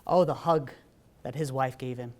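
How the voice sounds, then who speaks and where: A man giving a sermon as a rabbi, telling a story in a lively way with many fillers. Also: medium pitch, normal speed. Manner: animated, acts out dialogue, many fillers.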